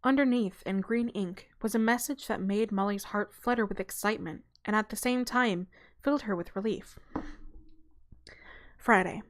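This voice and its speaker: A woman hosting her channel, reading a children's novel aloud in a relaxed, casual way with small stumbles and self-corrections. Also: mid-range voice, moderate pace. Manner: breaks off for a light aside and a laugh.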